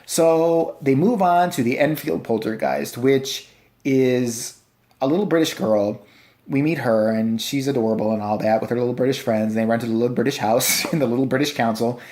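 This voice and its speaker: A man's voice: mid-range voice, normal speed, a little mellow. A man rants through a casual movie review, full of sarcasm and profanity. He mocks the film scene by scene in a loose, conversational voice, recorded on a handheld camera.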